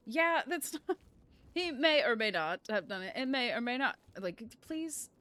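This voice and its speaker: A woman streamer chatting casually over her gameplay in an animated way, laughing often. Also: fairly high pitch, measured pace, no echo.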